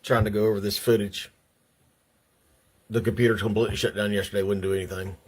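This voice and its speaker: A man's voice: fairly low pitch, little pitch movement, quick pace, breathy edge. An older man at home, shaky and upset, ranting angrily to his viewers and stumbling over repeated words. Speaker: vlogger. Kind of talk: angry personal rant to camera.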